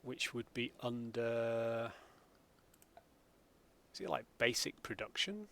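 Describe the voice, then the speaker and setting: A man's voice: mid-range voice, animated, takes it slowly, gravelly, fairly bright tone. A man, chatting casually with viewers during a live gameplay stream from home. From England. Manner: chatty, greets viewers by name.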